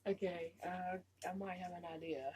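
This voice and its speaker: A woman unboxing a doll on her vlog, gushing with repeated exclamations and drifting into soft murmurs. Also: on the low side, steady tone, moderate pace, a little hiss or hum, poor audio. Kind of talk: casual excited unboxing chat.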